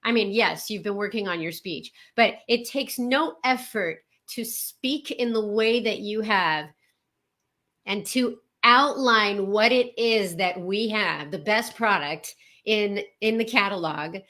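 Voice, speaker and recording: A woman's voice: medium pitch, slow, pushed and bright. A woman hosting a call who chats casually and pours out effusive praise for her guest. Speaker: call host. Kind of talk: casual chat.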